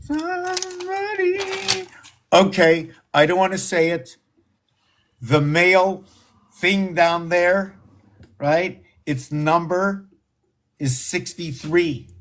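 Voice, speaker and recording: A man hosting a live stream, rambling excitedly and often slipping into a squeaky high falsetto. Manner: excitable, exclaims and gasps. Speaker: livestream host.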